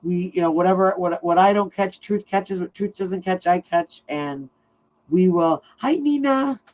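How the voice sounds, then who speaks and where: A woman's voice: on the low side, measured pace, darkish tone, poor audio. A middle-aged woman hosting a true crime livestream, chatting casually and laughing often as she tells stories.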